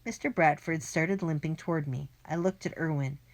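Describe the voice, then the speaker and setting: A woman narrating a children's adventure book in the first person, briskly and plainly. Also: sits low. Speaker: audiobook narrator.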